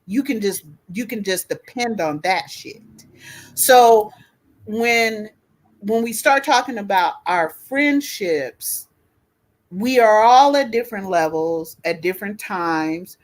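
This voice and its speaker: A woman's voice: medium pitch, expressive, takes it slowly. A woman in her fifties co-hosting a casual discussion, talking bluntly and profanely with a fired-up edge. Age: 50s. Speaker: podcast co-host.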